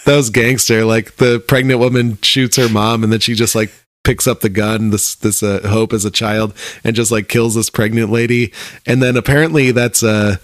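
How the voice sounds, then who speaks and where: A man's voice: lowish voice, level tone, normal speed, no room sound, clean studio sound. A man co-hosting a casual chat about a TV show, laid-back, swearing and laughing often. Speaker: podcast co-host.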